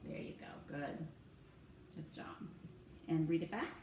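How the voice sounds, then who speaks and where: A woman's voice: low-pitched, dark tone. Patient woman teacher in an echoey room. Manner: patient, encouraging, spells words out slowly. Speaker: reading teacher. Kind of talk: one-on-one phonics lesson. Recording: echoey room, far from mic, faint hum.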